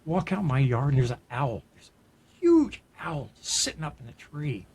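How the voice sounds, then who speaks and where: A man's voice: medium pitch, big pitch swings, normal speed, darkish tone, slightly rough. A middle-aged man tells a personal story on a podcast in a mid-range voice. He talks earnestly and reflectively, often stopping to restart a phrase. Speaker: podcast co-host. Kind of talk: personal storytelling in casual chat.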